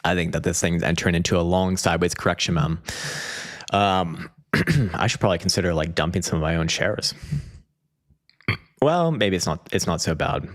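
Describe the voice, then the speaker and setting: A man's voice: low voice, moderate pace, long pauses. A man hosting a casual live stream, loosely talking through market charts, joking and swearing. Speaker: live stream host, crypto chart analyst.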